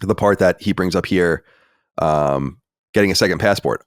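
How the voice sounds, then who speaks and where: An American podcast host chats in a casual, rambling way, emphatic and swearing freely. His low voice moves at normal speed with a clean tone, and the studio recording is clean with no room sound.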